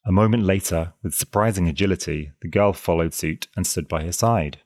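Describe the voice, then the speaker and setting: Low deep male narrator reading an old novel, steady storytelling, dry close recording. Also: fairly quick, dry recording. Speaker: audiobook narrator. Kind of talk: scripted narration.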